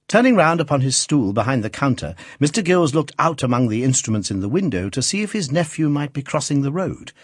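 A man narrates a classic novel with a rhythmic, building delivery. His voice is husky, and his pitch swings widely through the phrases. The recording is dry and close to the mic. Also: sing-song, fairly quick, hardly any pauses, no echo. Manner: rhythmic, building, dramatic reading. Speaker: audiobook narrator. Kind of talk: scripted narration.

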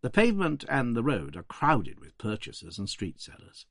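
A male documentary narrator speaking in a measured, storytelling way. His pitch moves freely and expressively over a mid register. The voice-over is dry and close. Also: wildly swooping pitch, vocal fry, no echo.

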